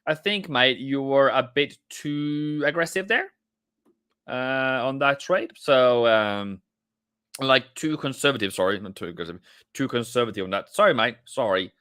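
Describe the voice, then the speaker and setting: Jokey guy doing live trading commentary, slow easygoing delivery, dry close sound. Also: mid-range voice, clean tone, dry recording. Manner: playful, jokey, breaks into excited chanting. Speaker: trading stream host.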